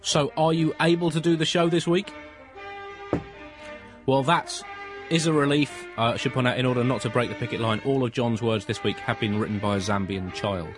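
A man co-hosting a comedy podcast, with a dry, deadpan mock-newsreader delivery. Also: mid-range voice, normal speed, music in the background. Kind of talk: deadpan satirical news comedy.

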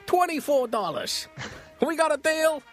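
A man's voice: very high voice, lively intonation, a little slow, faint music behind, voice pushed up. A man voicing a brash Dutch explorer who swaggers through a haggle. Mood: pushy. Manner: pushy, swaggering.

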